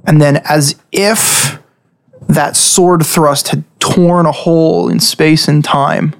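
Quick game master narrating combat. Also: male voice, fairly high pitch, steady tone, creaky. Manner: quick, laughing rulings and vivid narration.

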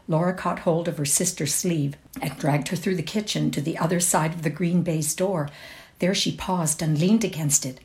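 A woman with a Canadian accent giving a dramatic reading of a short story, acting out each character's lines. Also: normal speed. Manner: voices each character with lively shifts in pitch. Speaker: reader.

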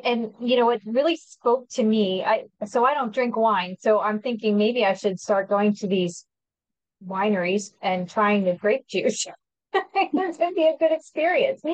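Chatty woman co-host, mid pitch, dry close sound, laughs as she talks. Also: no room sound, rough recording. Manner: chatty, laughs between points. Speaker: podcast co-host. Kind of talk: casual chat.

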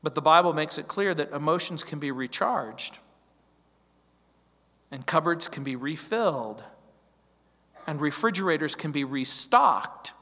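A man with a high voice delivers a verse-by-verse sermon as a pastor. He builds his points with repeated phrases and rhetorical questions, pressing each one home. The sound carries the long tail of a large church hall. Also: lively intonation, measured pace, pauses often, sharp tone, slightly rough.

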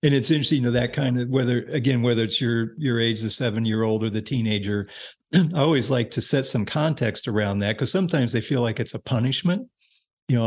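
A man's voice: medium pitch, fairly quick. An older man, a parenting author and coach, chatting as a podcast guest and explaining ideas with examples and frequent restarts. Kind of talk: casual interview chat.

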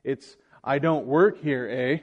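A man's voice: medium pitch, slow pace, lo-fi sound. A man voicing a rude, demanding female shopper, indignant and bossy, in a story told during a sermon.

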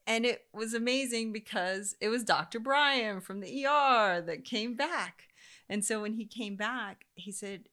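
A woman in her thirties telling a personal story in a casual way, animated and acting out the voices of the people she quotes. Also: fairly high pitch, measured pace. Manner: animated, acts out quoted voices, laughs often.

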